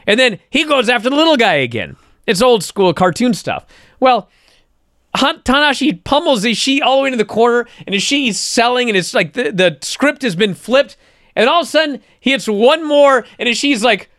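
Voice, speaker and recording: A man co-hosting a podcast, telling a story in an excitable, animated way and acting out the moves on a close mic. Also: extremely high pitch, a little fast, dry recording. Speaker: podcast co-host. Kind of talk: excited wrestling podcast chat. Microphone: close studio mic.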